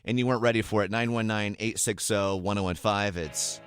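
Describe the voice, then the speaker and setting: A man's voice: lowish voice, brisk, faint music behind. A man in his thirties hosting a morning radio show, chatting casually and telling stories with frequent laughter. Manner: animated storytelling, laughs often. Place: radio studio. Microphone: studio microphone.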